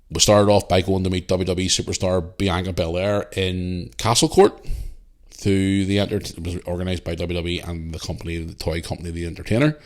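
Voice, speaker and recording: A Northern Irish man hosting a casual solo podcast, talking animatedly and swearing freely as he retells his week. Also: deep voice. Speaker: podcast host.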